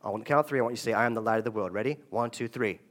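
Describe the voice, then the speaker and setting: A pastor preaching a lively, conversational sermon in a church and drawing the congregation into call-and-response. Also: male voice, lowish voice, racing, slight background noise. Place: church sanctuary.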